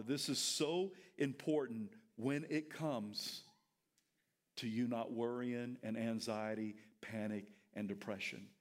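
A man preaching a sermon in church, leading the congregation in call and response and building up to shouted lines. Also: mid-range voice. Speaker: pastor.

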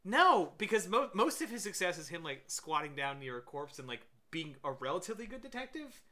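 A man's voice: high voice, sing-song, brisk, pushed and bright. A man co-hosting a podcast, rambling in casual chat while reviewing a film, with many fillers. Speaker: podcast co-host.

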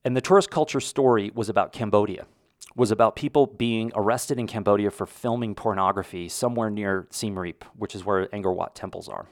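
A man's voice: lowish voice, a little fast, no echo, studio quality. A middle-aged American man hosting a podcast, talking casually and rambling a little, with restarts. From United States. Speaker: podcast host. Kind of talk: casual monologue.

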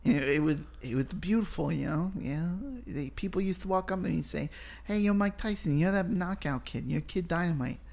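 Casting: man doing a high, gentle-voiced tough boxer, gravelly edge. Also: fairly quick. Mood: mock gentle. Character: impression of a famous boxer, soft-spoken tough man.

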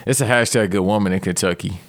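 A man's voice: low-pitched, fast, no room sound. Profane ranting man in his thirties. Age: 30s. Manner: profane, rambling, animated outbursts. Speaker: podcast host. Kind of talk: comedic rant.

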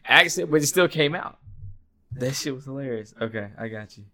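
A man in a casual movie-quote quiz chat, swearing, laughing often and quickly excited. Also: medium pitch. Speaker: quiz player.

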